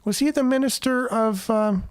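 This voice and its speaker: A man's voice: extremely high pitch, normal speed, clean tone, no echo, studio quality. A man hosting a radio morning show in a casual chatty way, greeting listeners and reading their comments aloud. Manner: chatty, upbeat, rambling. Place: radio studio.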